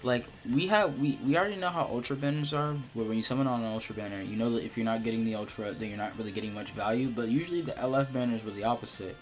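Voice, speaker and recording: A young man talks through his opinions on a game in an unscripted, rambling way, often repeating words and trailing into ums. His pitch sits in an ordinary middle range for a man. Faint guitar music plays quietly underneath. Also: fast, few pauses. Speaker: gacha game video creator. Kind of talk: unedited casual game commentary.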